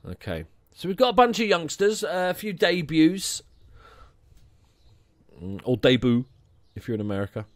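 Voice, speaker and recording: A man's voice: on the high side, very animated, normal speed, dry recording. A young man commenting casually on his football management game, chatty and jokey, inventing nicknames for his players. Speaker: gaming channel host. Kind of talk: casual let's-play commentary.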